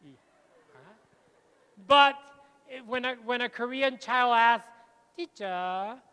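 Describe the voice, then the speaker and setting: A middle-aged man, giving a lively plenary talk to teachers and telling anecdotes. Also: very high voice, slow, clear, resonant tone. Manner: lively, switches between English and Spanish, tells anecdotes. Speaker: conference speaker. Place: large lecture hall. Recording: long hall reverb.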